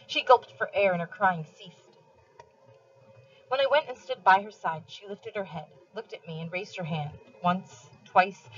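A woman reading a novel aloud for a class, with steady, expressive first-person narration and pauses for study questions. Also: medium pitch, muffled recording.

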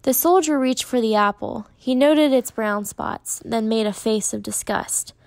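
Woman narrator, steady measured audiobook read, fairly high voice. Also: vocal fry, no echo.

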